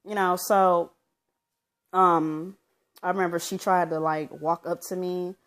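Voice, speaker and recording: Casual vlogger woman with a low voice, talking through a personal story off the cuff with plenty of fillers. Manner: rambling, with many fillers like um and you know; loosely reenacts what people said as she tells it. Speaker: vlogger telling her own story.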